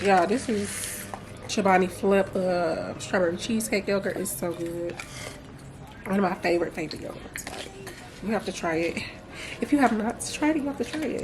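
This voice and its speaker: A woman's voice: mid-range voice, big pitch swings, moderate pace, long pauses, over music. A young woman chatting casually to camera as a vlogger at home, playful and laughing easily. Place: home, indoors.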